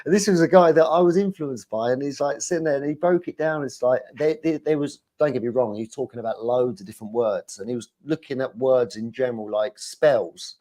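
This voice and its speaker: A man in casual chat, rambling and animated, often laughing between his thoughts. His voice sits at an ordinary middle pitch for a man. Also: fairly quick, hardly any pauses. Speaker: guest.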